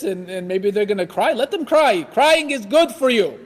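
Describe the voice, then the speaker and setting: A man with a strikingly high voice gives a religious lecture with animated delivery, acting out everyday scenes as he goes. His voice rings out with the long reverb of a large hall. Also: moderate pace, hardly any pauses. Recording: echoey hall.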